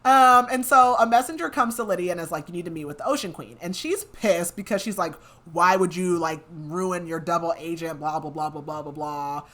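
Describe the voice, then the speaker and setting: A young woman co-hosting a podcast, recapping a fantasy novel in a casual, chatty way, full of "like" fillers and quick laughs. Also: lowish voice, a bit bright. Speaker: podcast co-host.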